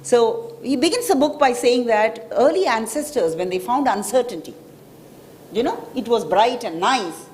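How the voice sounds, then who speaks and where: A woman's voice: a little high, slight background noise. A woman with an Indian English accent giving a public talk as a financial expert, explaining with frequent "right?" checks to the audience. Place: hotel event hall.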